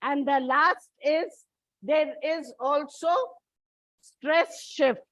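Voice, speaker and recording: A woman with an Indian English accent teaching an English lesson, slowly spelling out word endings letter by letter and repeating each example word. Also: high-pitched, a bit bright, no echo. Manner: slow, deliberate, repeats and spells out words letter by letter. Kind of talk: slow spelled-out classroom lesson. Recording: dull, muffled lo-fi recording.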